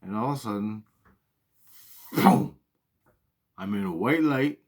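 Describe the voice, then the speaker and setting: A man's voice: lowish voice, fast. Man telling a story, profane and earnest. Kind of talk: casual spoken storytelling.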